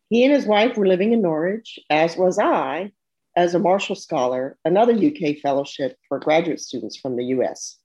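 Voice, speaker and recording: A woman's voice: lowish voice, a little mellow, slightly rough, poor audio. Chatty older American woman host. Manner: chatty, with frequent restarts. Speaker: show host. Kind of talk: casual interview chat.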